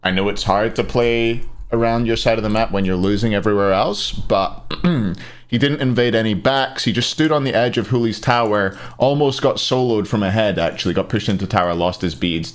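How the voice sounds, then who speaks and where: A man's voice: low-pitched, fairly bright tone. A young man with a light Scottish accent, streaming and giving casual, opinionated rankings while chatting with his viewers. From Scotland. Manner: opinionated, chatty, reads and answers chat. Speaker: streamer ranking esports players. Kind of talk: casual live-stream commentary.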